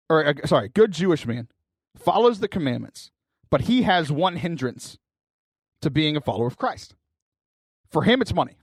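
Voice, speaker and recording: Lively, joking man hosting a podcast. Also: fairly high pitch, dry recording, clean studio sound. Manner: animated, joking, laughs while telling stories. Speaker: podcast host. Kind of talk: casual comedic talk show.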